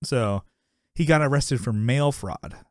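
A man's voice: mid-range voice, a little slow, darkish tone, dry recording, clean studio sound. A man co-hosting a podcast, recapping a sitcom episode in casual chat, rambling, laughing often and acting out quotes.

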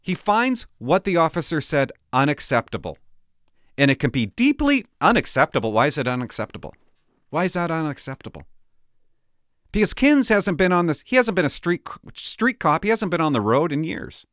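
Middle-aged ex-cop, indignant commentator; high-ish, swooping delivery, dry close sound. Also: male voice, big pitch swings, moderate pace, a bit bright, no room sound. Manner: indignant, sarcastic, exasperated. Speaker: former police officer reacting to news. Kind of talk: opinionated commentary vlog.

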